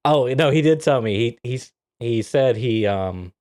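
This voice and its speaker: A man's voice: medium pitch, normal speed, no echo, studio quality. A man co-hosting a podcast, telling a story in casual chat, often laughing and acting out what people said. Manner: animated, laughs often, acts out quotes. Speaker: podcast co-host.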